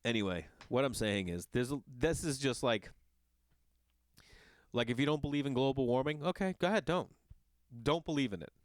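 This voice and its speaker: A middle-aged man ranting in a casual monologue, swearing often and jumping between loud outbursts and muttered asides. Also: medium pitch, normal speed, long pauses, no room sound, studio quality. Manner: ranting, profane, animated. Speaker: podcast host. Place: Los Angeles.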